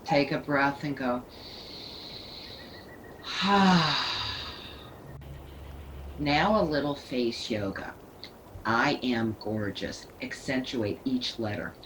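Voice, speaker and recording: Slow, low-voiced yoga teacher woman. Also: a little hiss or hum, poor audio. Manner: calm, slow, soothing cues. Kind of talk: guided yoga instruction.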